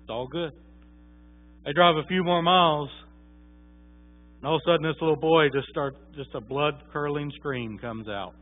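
A man's voice: fairly high pitch, moderate pace, pauses often. A man preaching a sermon, telling a story in a folksy, conversational way with many fillers. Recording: tinny phone-like sound.

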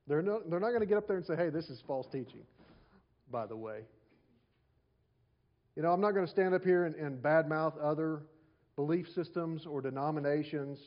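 A man's voice: fairly high pitch, highs cut off. A man preaching a sermon to his congregation, repeating key phrases and asking the listeners rhetorical questions. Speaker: pastor.

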